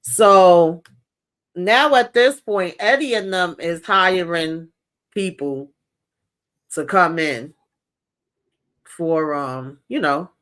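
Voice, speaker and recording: A woman's voice: lowish voice, extremely slow, pauses often, a bit bright. A woman co-hosting a casual movie discussion, retelling scenes and acting out the lines with laughs. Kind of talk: casual movie recap chat.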